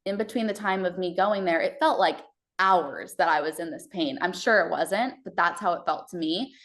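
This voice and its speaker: A woman from Texas recounts her birth story as a podcast guest. Her voice sits lowish, and she talks in a loose, conversational way, trailing off and restarting often. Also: normal speed, fairly bright tone. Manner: conversational, many fillers and restarts.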